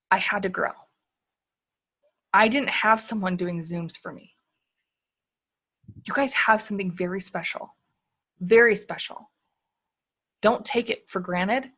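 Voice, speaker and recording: A woman on a video call giving an energetic, emphatic motivational sales talk, peppered with "like" and "you guys". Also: medium pitch, breathy edge. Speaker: guest speaker on a sales team call.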